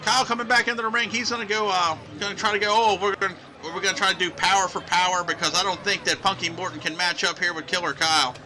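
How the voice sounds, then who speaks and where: A man hosting and calling play-by-play over old wrestling footage, excitable, shouting on big moves and drifting into loose rambling asides. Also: sits high, fast talker, hardly any pauses, a little hiss or hum. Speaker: host and wrestling commentator.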